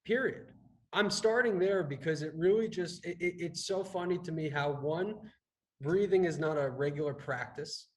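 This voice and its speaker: A man's voice: a little high, moderate pace, poor audio. A man who is a fitness and health coach, talking casually on a business podcast, rambling with many restarts and tagging his points with "right?". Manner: rambling, restarts a lot, tags sentences with "right?".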